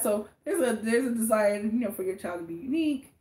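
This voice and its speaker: A woman from the Los Angeles area co-hosting a casual podcast chat, animated and quick to laugh, trailing off into restarts. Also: fairly high pitch, reverberant. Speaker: co-host.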